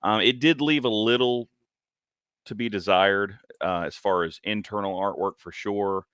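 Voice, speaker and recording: A man's voice: on the low side, measured pace, a bit bright, clean tone, no room sound, studio quality. A man in his forties co-hosting a comic podcast, talking casually with lots of ums and restarts. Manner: hesitant, many ums and restarts. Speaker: podcast co-host. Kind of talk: casual comic review chat.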